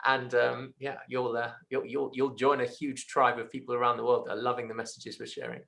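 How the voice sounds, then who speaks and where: A man chatting as a guest over a video call, an animated storyteller who quotes others. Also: mid-range voice, brisk, creaky. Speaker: guest, film executive producer. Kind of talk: casual video-call conversation.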